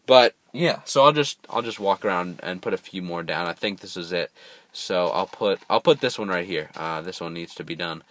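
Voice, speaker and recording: A man's voice: sits low, normal speed, fairly bright tone, no room sound. A young man giving casual let's play commentary, chatting to viewers and bursting out in frustration when the game goes wrong. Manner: chatty, talks to viewers, erupts in frustrated outbursts. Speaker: gameplay commentator.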